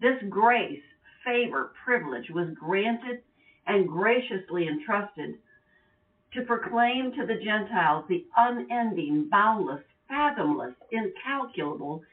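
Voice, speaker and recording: A woman reads Bible verses aloud, careful and deliberate. She sounds distant from the mic, and the audio is narrow and tinny, like a phone call. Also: medium pitch, animated. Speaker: Bible teacher. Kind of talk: reading scripture aloud.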